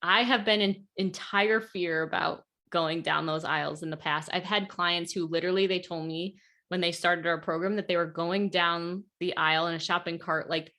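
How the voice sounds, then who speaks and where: A woman with a slightly low voice talks in a relaxed podcast chat, earnest and full of "like" fillers. She is a coach speaking over a video call. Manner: chatty, lots of "like", earnest. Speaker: podcast guest, weight loss coach. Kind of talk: casual podcast conversation.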